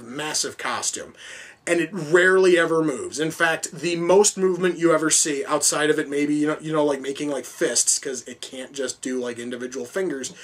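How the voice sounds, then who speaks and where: A man giving a casual, profane, exasperated film review, rambling as he goes. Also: a little high.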